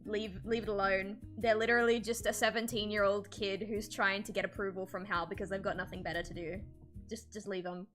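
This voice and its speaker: A woman artist chatting casually on a livestream while drawing, animated and swearing freely, with frequent laughs. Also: medium pitch, a little fast, faint music behind. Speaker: streamer and artist.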